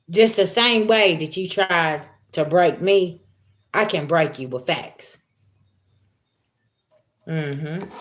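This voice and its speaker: A woman giving a blunt, profane spiritual reading to her viewers in casual talk. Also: on the low side. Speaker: spiritual reader.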